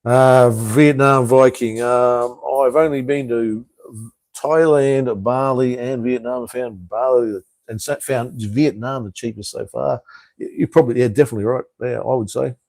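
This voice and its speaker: A man's voice: medium pitch, fairly even intonation, normal speed, darkish tone, no room sound. Aussie bloke in his fifties doing a live chat, blunt and sweary, dry close sound. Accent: Australian. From Australia (Tasmania). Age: 50s. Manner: blunt, swears freely, chuckles between remarks. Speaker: live stream host. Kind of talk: casual live chat reading viewer comments.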